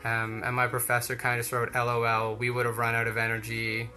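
A man's voice: mid-range voice, monotone, quick pace, bright, forceful tone, faint music behind. Chatty young man telling a story. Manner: chatty, rambling, many fillers. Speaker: speaker giving a talk. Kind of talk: casual storytelling talk.

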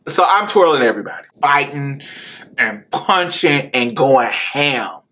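A woman podcast host telling a personal story, animated and profane, laughing often as she talks. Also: low-pitched, slow.

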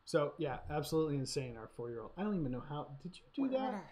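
A man's voice: fairly high pitch, sing-song, quick pace, crowd noise. A man hosting a casual live stream, telling a story and laughing as he acts out quotes.

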